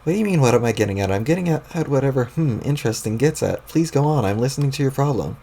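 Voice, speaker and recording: A man's voice: mid-range voice, expressive, fast talker, vocal fry, warm tone. A man doing a sarcastic, crabby troll boy. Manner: sarcastic, drawling, swearing. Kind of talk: reading a webcomic aloud with voices.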